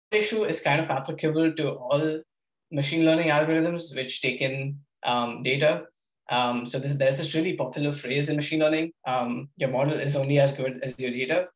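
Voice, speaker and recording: A man's voice: on the high side, echoey room, rough recording. A young man giving an informal workshop lecture, with lots of ums, hesitations and restarts. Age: young adult. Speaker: workshop presenter.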